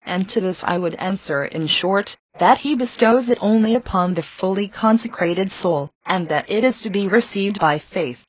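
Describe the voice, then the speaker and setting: A woman reading a devotional book aloud in a measured, earnest and reverent way. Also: medium pitch, slightly rough, dry recording. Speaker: reader. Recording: slightly dull, lo-fi recording.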